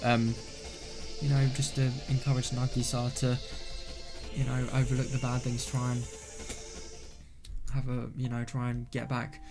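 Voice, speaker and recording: Excitable man reacting to a game. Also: medium pitch, over music. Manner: exclamatory, repeating "no" and "oh my God" with swearing; halting with fillers and restarts when he talks things through. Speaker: let's play host. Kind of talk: reacting while playing a visual novel.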